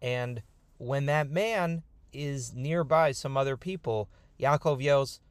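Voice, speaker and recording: A man's voice: mid-range voice, slow, smooth, no room sound, studio quality. A man retelling a scripture story in a casual, conversational storytelling manner. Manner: conversational, informal, lively retelling. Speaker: Torah storyteller.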